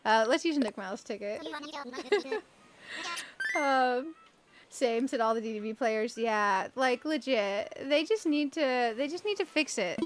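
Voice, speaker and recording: Speaking a little slowly in a high, expressive voice against a noisy background, a woman live-streams a video game. She talks casually, reads out the chat, and goes on playful rants with frequent giggles.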